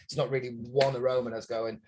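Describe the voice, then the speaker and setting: A man's voice: mid-range voice, level tone, fairly quick, darkish tone, a little hiss or hum. A man co-hosting a live wine tasting, describing aromas in detail with playful quips. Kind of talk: casual live-stream chat.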